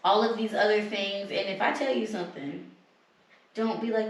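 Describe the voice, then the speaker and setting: A woman's voice: mid-range voice, moderate pace. Blunt woman in a very echoey room. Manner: blunt, opinionated. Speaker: podcast co-host. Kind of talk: casual chat. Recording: very echoey room, distant mic.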